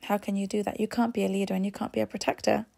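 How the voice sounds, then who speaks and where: A woman's voice: medium pitch, flat delivery, racing, vocal fry, warm tone. A woman giving an earnest, emphatic commentary monologue, repeating her points for stress.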